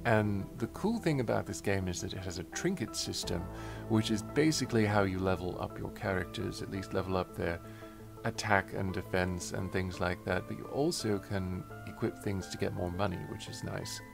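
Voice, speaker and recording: A man's voice: sits low, normal speed, gravelly, music in the background. A man giving playful game commentary while reading dialogue aloud. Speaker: let's player.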